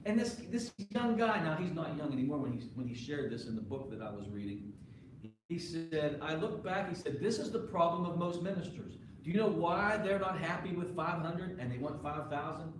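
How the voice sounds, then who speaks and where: A man's voice: on the high side, lively intonation, moderate pace, noisy background. A male pastor preaching a sermon to his congregation in a conversational way, often putting questions to the listeners. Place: church sanctuary. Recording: echoey live church recording from far off.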